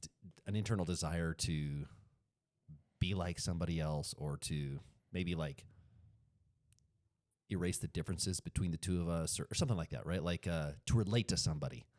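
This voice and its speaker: A man's voice: low-pitched, moderate pace, darkish tone, no room sound, clean studio sound. A man with a Colorado accent, co-hosting a podcast in casual chat, rambling and correcting himself as he goes. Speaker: podcast co-host.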